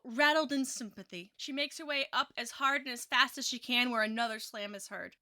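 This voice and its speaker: A woman's voice: on the high side, bright, forceful tone. A woman giving casual, musing commentary on a novel, reading passages and correcting herself as she goes. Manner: chatty, musing, self-correcting. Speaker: book reviewer.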